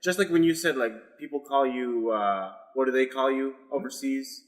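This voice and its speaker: A man co-hosting a casual podcast chat, talking in halting bursts with many restarts. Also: medium pitch, poor audio. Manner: halting, restarts a lot, laughs easily. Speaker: podcast co-host.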